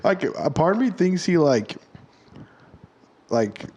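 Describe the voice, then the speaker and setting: A man's voice: on the high side, very animated, takes it slowly, darkish tone, highs cut off. A man co-hosting a podcast, telling crude stories in casual chat with lots of laughter and fillers. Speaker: podcast co-host.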